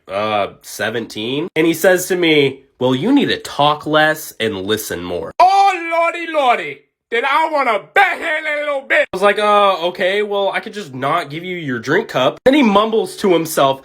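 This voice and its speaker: A young adult, a former fast-food worker, telling a story in an animated, outraged way. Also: mid-range voice. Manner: animated, outraged, bursts into shouts. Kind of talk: casual storytelling.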